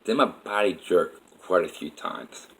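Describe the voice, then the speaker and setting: A man's voice: deep voice, a little slow, poor audio. A man telling a personal story in a rambling, repetitive way with many "like" fillers.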